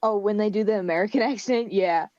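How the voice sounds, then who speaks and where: A woman's voice: mid-range voice, fast, darkish tone, no room sound, dull audio. A young woman co-hosting a casual podcast, chatty and teasing. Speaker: podcast co-host. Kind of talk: casual chat.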